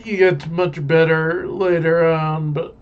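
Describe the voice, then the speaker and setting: A man's voice: fairly high pitch, little pitch movement, takes it slowly, clear, resonant tone. A man co-hosting a casual chat, wry and opinionated. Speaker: podcast co-host. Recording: dull lo-fi sound.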